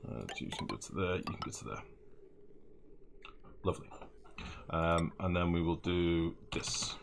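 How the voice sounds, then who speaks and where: Brief: male streamer, low-pitched with a lively, swinging delivery, rambling and sweary, humming while he works. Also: measured pace, vocal fry, noisy background. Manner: rambling, sweary, hums and mumbles while building. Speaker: game streamer. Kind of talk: live gameplay commentary.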